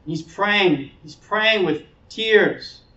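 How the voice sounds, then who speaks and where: High-voiced pastor in an echoey hall. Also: male voice, animated, drawn-out words, pushed and bright. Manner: earnest preaching with acted-out child voices. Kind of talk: sermon. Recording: echoey hall, speaker far from mic, dull sound.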